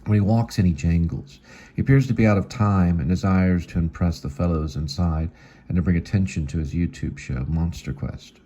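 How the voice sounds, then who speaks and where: A man's voice: deep voice, fairly even intonation, moderate pace, warm tone, slight background noise. A man reading his own screenplay aloud, working through the scene directions plainly, with small slips. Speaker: actor and channel host.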